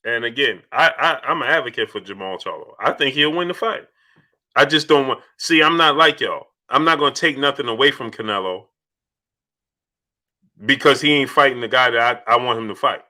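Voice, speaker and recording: A man's voice: medium pitch, brisk, sharp tone. A man hosting a casual boxing livestream, reading out super chats and making his points emphatically, often restarting his phrases.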